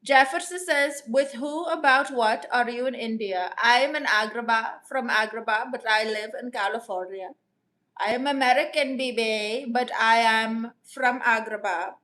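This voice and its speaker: On a deadpan improvised livestream, a comedian puts on the character of a cocky customer-service agent who addresses everyone as "baby." She talks at a moderate pace, with a fairly high pitch.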